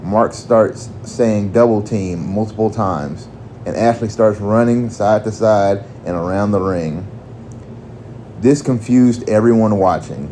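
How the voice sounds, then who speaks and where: A man narrating a crude comic story in a deadpan way, also voicing a fan who gives battle commands. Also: fairly low pitch, slow pace, slight background noise.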